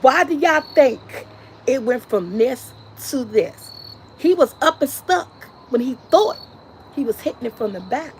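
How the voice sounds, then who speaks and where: A woman with a high voice recaps a movie in casual vlog style. Her delivery is slow and unhurried, broken up by laughs and excited shrieks. Faint crickets and insects chirp in the background. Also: a little hiss or hum, poor audio. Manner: laughs and shrieks while retelling scenes. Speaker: vlogger reviewing a movie. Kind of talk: animated casual storytelling.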